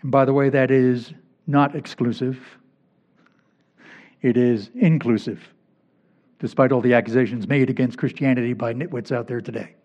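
A man's voice: mid-range voice, fairly even intonation, normal speed, pauses often. A male pastor preaching a sermon, emphatic and repeating key phrases to drive points home. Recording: dull lo-fi recording.

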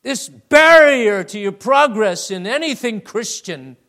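High-voiced, slow-spoken male preacher. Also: animated. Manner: swings between loud emphatic peaks and hushed low asides, addressing listeners as beloved. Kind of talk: sermon.

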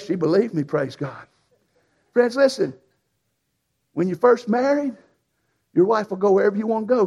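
A preacher who tells a folksy, animated story in a sermon. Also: male voice, high voice, creaky, husky. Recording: dull lo-fi sound.

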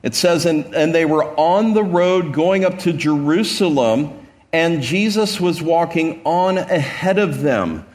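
A pastor preaching a sermon in a slightly higher-pitched male voice. He retells the scene with energy, often restarting words, then dropping low and rising again to exclaim. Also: unhurried. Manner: animated preaching with many stammered restarts; acts out Gospel scenes, swinging from hushed to exclaiming.

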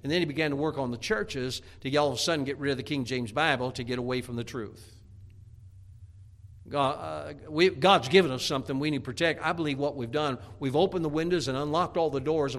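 A man preaching a sermon, telling a Bible story in a lively, dramatic way. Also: mid-range voice. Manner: animated storytelling preaching, acting out scripture characters.

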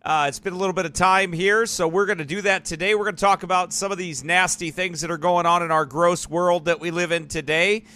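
A man's voice: high-pitched, steady tone, fairly quick, few pauses, pushed and bright. A man hosting a live church online broadcast, talking in a rambling, digressive way in casual commentary. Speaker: church livestream host.

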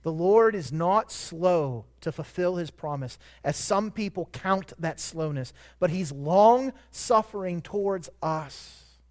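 A man preaching a sermon as pastor, shifting between quiet reflection and loud, emphatic peaks. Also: fairly high pitch, expressive, slow pace.

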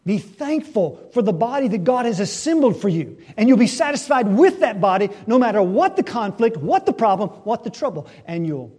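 A man preaching a sermon to his congregation, asking rhetorical questions and swinging between hushed and loud delivery. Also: sits high, very animated, moderate pace, few pauses, slightly rough.

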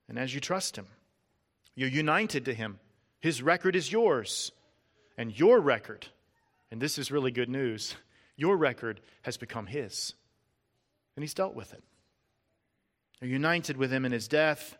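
A man preaching a sermon, earnest and emphatic, stressing lists word by word and dropping low and soft at key points. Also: lively intonation, measured pace, long pauses.

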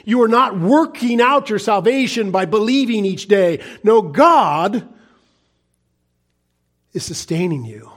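A man preaching a sermon in an earnest, pleading way, swinging from loud urging to hushed asides and chuckling through his points. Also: sits high, expressive, takes it slowly, long pauses. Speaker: pastor.

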